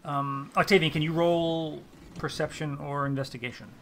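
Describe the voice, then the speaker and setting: Bright-voiced man running a tabletop game. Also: on the high side, steady tone, moderate pace, a little hiss or hum. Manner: filler-heavy, casual. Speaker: game master.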